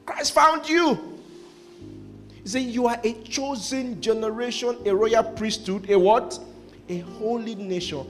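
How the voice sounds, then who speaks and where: A male pastor with a high voice preaches in call-and-response. He repeats lines and leaves blanks for the congregation to fill. Faint music plays behind him. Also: steady tone, normal speed, a little mellow. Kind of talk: sermon.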